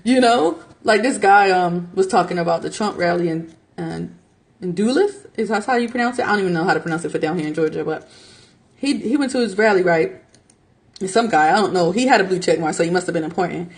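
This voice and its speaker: A young American woman in her thirties hosting a podcast, talking casually and animatedly, often laughing and jumping into high mock voices when she quotes people. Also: fast. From United States. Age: young adult. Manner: animated, mimics others in high squeaky voices. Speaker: podcast host. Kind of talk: casual opinion monologue.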